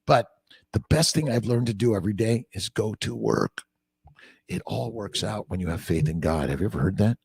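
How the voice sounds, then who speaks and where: Gravelly, blunt male doctor on a livestream. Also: fairly low pitch, big pitch swings, moderate pace, darkish tone, no room sound. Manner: blunt and profane, jumping between topics; reads out viewer comments and answers them. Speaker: fertility doctor answering viewer questions. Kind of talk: casual livestream Q&A.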